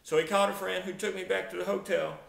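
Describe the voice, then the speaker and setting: A man's voice: high voice, fairly even intonation, fast, gravelly, a bit bright. A middle-aged man telling a comic travel mishap, dramatic and exaggerated, acting out sound effects. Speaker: storyteller, video narrator. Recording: roomy echo.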